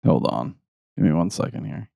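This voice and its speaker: A man with a very deep, gravelly voice co-hosts a casual sports podcast. He drops in short deadpan remarks. The sound is dry and close-miked. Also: normal speed, dry recording. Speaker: podcast co-host.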